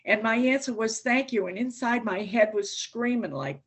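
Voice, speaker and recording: A woman's voice: fairly high pitch, moderate pace, hardly any pauses, slightly rough. An older woman giving a recovery talk to a meeting, telling her story in a plain, candid way with a dry wit. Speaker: AA speaker. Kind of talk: recovery share.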